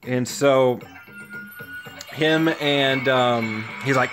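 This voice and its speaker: Slow, rambling male storyteller. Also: mid-range voice. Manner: rambling, halting, many fillers and restarts. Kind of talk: casual spoken story retelling. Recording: music playing under the voice.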